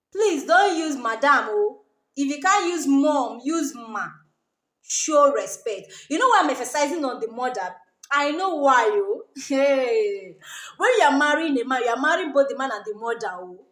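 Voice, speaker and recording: A Nigerian woman with a high voice that leaps all over as she lectures with emphasis. She keeps repeating her point and tacking "okay?" onto her advice. The room gives her voice a noticeable echo. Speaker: vlogger giving advice. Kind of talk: casual advice talk to camera.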